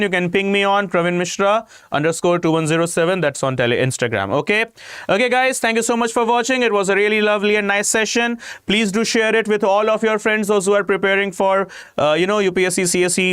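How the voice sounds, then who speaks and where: A man's voice: sits high, fairly bright tone, clear, resonant tone, no room sound, clean studio sound. A man with an Indian English accent teaching a live online exam-prep class, emphatic and constantly checking in with "okay" and "you know". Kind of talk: live-streamed class talk to students.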